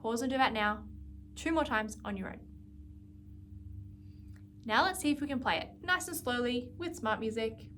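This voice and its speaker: A woman's voice: fairly high pitch, lively intonation, moderate pace, long pauses, a bit bright, slight background noise. A woman music teacher leading a guided practice lesson, patiently explaining and counting out beats. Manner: patient, counts and sings note names aloud.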